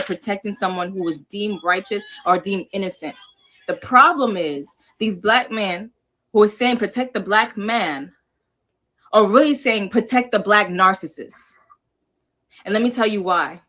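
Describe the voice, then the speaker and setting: A woman's voice: mid-range voice, fairly quick, bright, forceful tone. A woman born in New York with a Jamaican-American accent, talking passionately on a livestream panel, emphatic and repetitive, swearing casually. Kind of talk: impassioned livestream talk.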